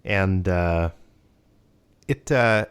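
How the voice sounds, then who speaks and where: A man's voice: deep voice, very slow, clear, resonant tone. A man co-hosting a podcast, chatting casually and rambling with many restarts and fillers. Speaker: podcast co-host. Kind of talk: casual chat.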